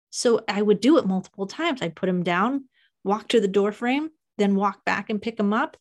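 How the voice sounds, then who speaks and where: A young woman hosting a podcast, telling a painful personal story in a halting, emotional confession. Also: mid-range voice, darkish tone. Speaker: podcast host.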